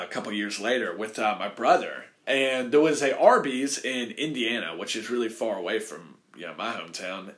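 A man telling a casual, rambling personal anecdote in an animated way, full of "like" and "you know". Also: medium pitch.

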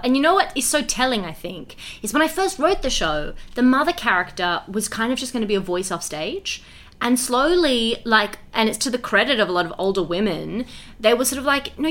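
A young woman who writes and performs musical theatre speaks in a casual interview, animated and heartfelt, full of filler words. Her voice is on the high side and she talks a little fast.

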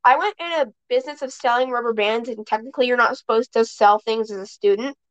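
Talking fast in a fairly high voice, a woman hosts a podcast and rambles through casual stories, often starting sentences over partway through. There's no room sound, leaving the audio dull and dry.

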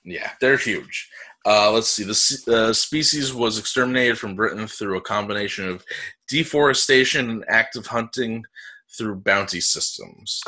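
A man's voice: on the low side, normal speed, sharp tone. A man co-hosting a podcast, reading out facts in casual chat, hesitant and joking, with many fillers. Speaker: podcast co-host.

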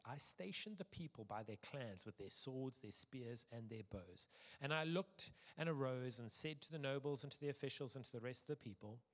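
A male preacher reads scripture with dramatic pauses, his voice dropping softly at the ends of phrases. Then he slides into relaxed, conversational preaching with a few fillers. His voice carries a long reverb, as in a large church hall. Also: mid-range voice. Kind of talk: scripture reading and sermon.

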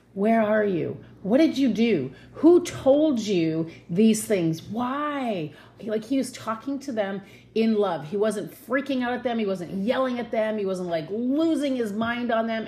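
A woman giving a casual devotional Bible talk from her home, earnest and chatty, slowing down to stress her points. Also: mid-range voice, darkish tone, slight background noise. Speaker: Bible teacher.

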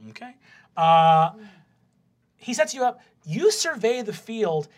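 A man's voice: high-pitched, sing-song, slow pace, a little hiss or hum. A man narrating loosely as game master of a tabletop game, rambling and swearing.

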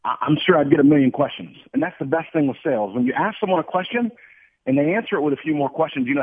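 A man from the Ohio Valley calls in to a radio talk show as a guest, talking fast in a fairly high voice. He is energetic, stumbles over repeated words and acts out quick dialogues. The sound is a dry, tinny phone line with a husky edge. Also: dry recording. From Ohio Valley, USA. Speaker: guest sales expert. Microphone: telephone.

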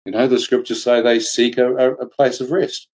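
A man telling a personal testimony in casual, excitable storytelling, laughing often and jumping into high voices when he quotes people. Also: moderate pace, poor audio. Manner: colloquial slang, "mate", "flippin'".

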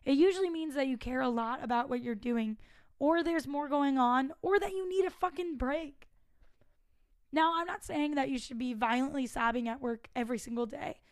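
A young woman in her twenties talks through advice in a high voice, frank and chatty, dropping the odd swear word. The recording is dry and close, with no room sound. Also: moderate pace, dry recording. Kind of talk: casual advice monologue.

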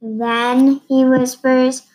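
A woman reading a first-person novel aloud in a steady, plain storytelling manner. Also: high voice, drawn-out words, rough recording. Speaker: reader.

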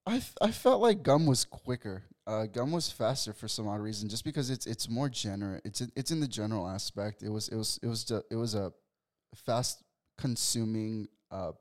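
A man in his twenties, a guest telling a story in a casual interview, halting with many restarts and fillers. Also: on the low side, lively intonation. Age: 20s.

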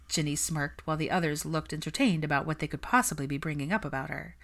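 A woman narrating a fan fiction story in a steady, even reading voice, close to the microphone. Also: low-pitched, a little fast.

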